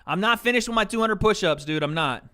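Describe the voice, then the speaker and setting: A man's voice: high voice, animated, fast, sharp tone. A man hosting a casual livestream, chatting loosely with his viewers through a desk mic and tossing in plenty of "bro" and "dude.". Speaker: livestream host. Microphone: desk mic with mixer.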